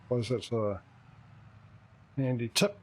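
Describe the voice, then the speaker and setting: Male streamer, husky voice, rambling casual gaming chatter. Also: mid-range voice, slow pace, rough recording. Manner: rambling, thinks out loud. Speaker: streamer hosting a multiplayer game.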